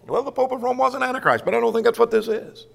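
A man's voice: extremely high pitch, quick pace, creaky, in a large hall. A man preaching a sermon in a church, asking himself questions and answering them.

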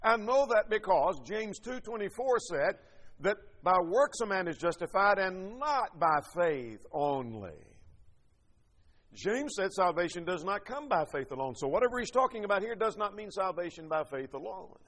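A man's voice: high-pitched, sing-song, moderate pace, a bit bright, long reverb tail. A man preaching a sermon, teaching emphatically through rhetorical questions and scripture quotations.

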